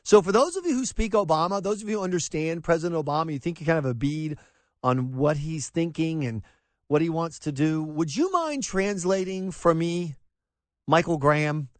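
A man hosting a talk radio show, excitable and exasperated, stammering and restarting as he talks in a studio. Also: fairly high pitch, moderate pace, no room sound.

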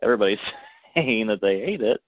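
A man's voice: fairly low pitch, expressive, brisk. A man hosting a casual radio chat show, talking hesitantly with frequent restarts. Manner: hesitant, restarts often, laughs along. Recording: dry, phone-like line.

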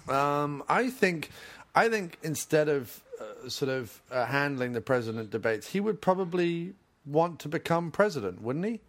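A man's voice: fairly high pitch, big pitch swings, normal speed, a bit bright. A man co-hosting a casual movie commentary podcast, joking around. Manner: jokey, puts on silly voices. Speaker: podcast co-host.

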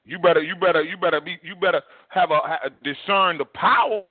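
A male pastor preaching a sermon in an animated, repetitive, vernacular way. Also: a little high, a little fast, husky, no room sound. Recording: tinny phone-like dry recording.

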